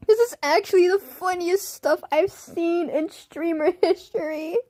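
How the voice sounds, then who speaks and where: A woman's voice: very high-pitched, warm tone, dry recording, studio quality. A young woman chatting on a livestream, laughing constantly in a giggly, silly way. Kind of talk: casual livestream chat.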